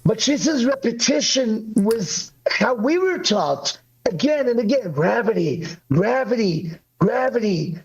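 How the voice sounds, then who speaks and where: A man talking in a casual debate chat on a video call, rambling and animated with apologetic asides, his voice worn from yelling. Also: very high-pitched, unhurried, few pauses, breathy edge. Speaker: guest on a live call-in show. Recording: dull lo-fi call audio.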